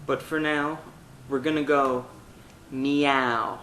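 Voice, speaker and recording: A man's voice: a little high, a little slow, reverberant, low-quality recording. A man teaching a vocal technique lesson, talking through exercises step by step. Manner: demonstrates exercises with loud sung vowels and meows. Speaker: singing teacher.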